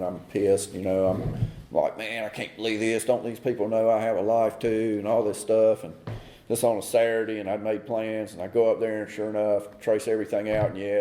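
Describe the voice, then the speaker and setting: A man's voice: fairly low pitch, warm tone, roomy sound. A middle-aged man sharing his recovery story at a meeting, rambling with many fillers and restarts. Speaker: AA speaker. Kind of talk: recovery talk.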